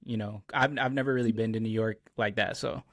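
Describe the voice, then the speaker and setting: Clean studio sound with no echo carries this man's low-leaning voice at a brisk pace. As a podcast host, he tells stories in relaxed, casual chat, peppering it heavily with "like" and "bro."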